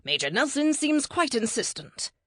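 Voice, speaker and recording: A woman voicing a refined male AI butler with an upper-class British accent, calm and formal. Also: sits high, moderate pace, dry recording, clean studio sound, pitched above the performer's own voice.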